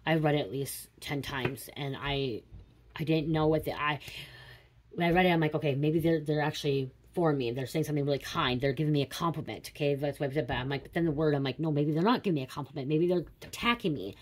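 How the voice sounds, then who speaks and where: Late 30s woman, low voice, talks fast, rambly chatty psychic reading, swears a lot. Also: a little hiss or hum. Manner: rambling, confiding, swears casually. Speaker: tarot reader. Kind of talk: casual psychic reading chat.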